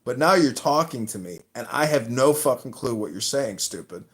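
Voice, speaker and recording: A man's voice: mid-range voice, lively intonation, moderate pace, fairly bright tone. A man hosting a casual podcast chat, crude and joking, often laughing at himself. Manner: crude, laughs at his own jokes. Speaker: podcast host.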